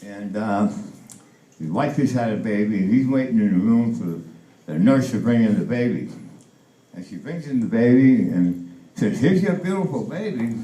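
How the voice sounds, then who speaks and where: Older man in his 80s, first-time stand-up, halting delivery, lively pitch, roomy stage sound. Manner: halting, with many fillers and restarts; acts out the punchlines in a raised voice. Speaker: stand-up comedian. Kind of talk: stand-up joke telling. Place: comedy club stage.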